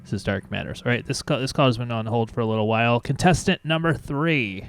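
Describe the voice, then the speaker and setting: A man hosting a comedic call-in stream, teasing his co-host in a quick, playful way. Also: fairly low pitch, fairly even intonation, gravelly, clear, resonant tone, soft background music. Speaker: show host. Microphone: webcam video call.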